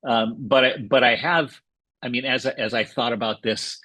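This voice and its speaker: Husky-voiced man on a podcast. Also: mid-range voice, fairly even intonation, bright, forceful tone, dry recording. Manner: earnest and enthusiastic, halting with fillers. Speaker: podcast co-host. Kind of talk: casual chat.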